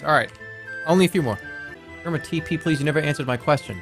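A man in his thirties with a fairly high-pitched voice streams a game over faint background music. He chats casually and jokes, reacting fast and reading chat messages aloud as he plays.

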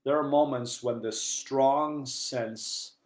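A priest giving an earnest sermon, moving between quiet, hushed passages and loud, emphatic ones. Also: male voice, mid-range voice, fairly even intonation, takes it slowly. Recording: echoey room.

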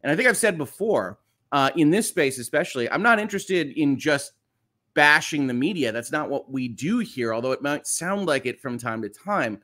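Expressive and a little high, the man's voice comes out pushed and bright at a moderate speed. As host of a morning legal-news livestream, he chats upbeat and casually, saying hello to viewers and reading their comments out loud.

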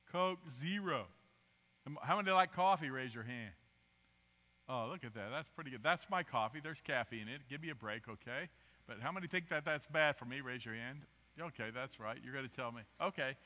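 A man preaching a guest sermon, talking with the congregation and asking them to raise their hands, shifting from quiet asides to loud, emphatic bursts. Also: on the high side. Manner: animated, interactive with the congregation, asks for raised hands. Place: church sanctuary. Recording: long reverb of a church hall.

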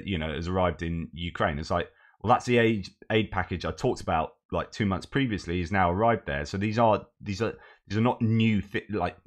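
A man with a very low voice hosts a war news update, reading out article passages. He breaks off often for loose, conversational asides and restarts his sentences along the way.

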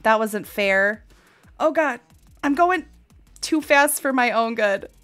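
Woman, thirties, live game streamer, laughs a lot, slightly high pitch, faint music behind. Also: animated, takes it slowly. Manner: chatty, laughs often, loud exclamations while playing.

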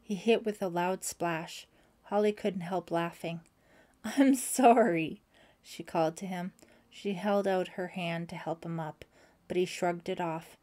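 A woman narrating an audiobook in a steady, expressive reading. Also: on the low side, a little slow. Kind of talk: scripted narration.

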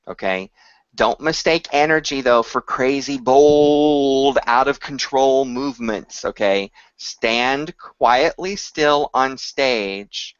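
Slow-talking male voice teacher. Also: mid-range voice, a bit bright, no room sound, lo-fi sound. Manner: explains slowly, sings short examples to demonstrate. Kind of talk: instructional talk to camera.

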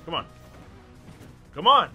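A man hosting excited gameplay commentary, yelling and laughing at the plays. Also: takes it slowly, lo-fi sound, faint music behind. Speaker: gaming channel host.

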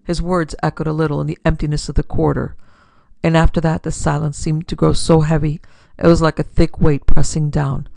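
A woman's voice: deep voice, level tone, a little fast, creaky, dark tone, no echo. A woman narrating a classic pulp detective story as podcast host and producer. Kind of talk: scripted narration of pulp fiction.

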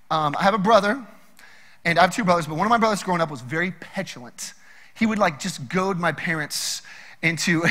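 Bright, lively young preacher in a hall. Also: male voice, sits high. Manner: animated storytelling with acted-out quotes. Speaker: pastor. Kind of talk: sermon.

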